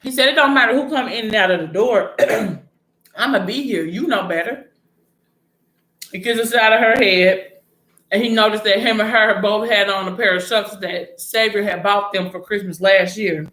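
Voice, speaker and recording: A woman talking casually and bluntly, swearing freely and slipping in slang as she recaps a story. Her voice sits in a middle pitch. It bounces around a reverberant room. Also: normal speed. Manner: blunt, animated, frequent profanity and slang. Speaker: vlogger recapping a TV series. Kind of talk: casual chat retelling a story. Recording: echoey room.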